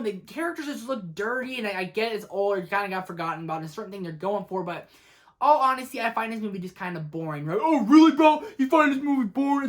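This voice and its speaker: This is a woman vlogger in a casual movie-ranking video, with a medium-pitched voice. She talks fast and opinionated, and her enthusiasm jumps up as she speaks straight to her audience. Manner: enthusiastic, opinionated, chatty, talks to viewers directly.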